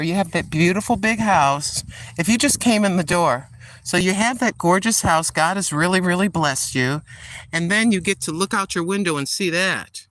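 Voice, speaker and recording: An older woman hosting a walking vlog outdoors in a park, chatting in a rambling way and addressing viewers as ladies and gentlemen. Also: on the low side, no room sound. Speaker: vlog host. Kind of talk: casual walking vlog chat.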